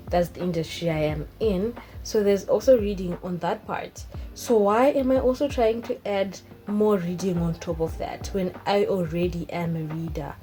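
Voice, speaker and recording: A woman's voice: lowish voice, low-quality recording. A young woman, chatting casually and expressively to camera in a vlog. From Zimbabwe. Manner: animated, expressive, emphatic. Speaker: vlogger.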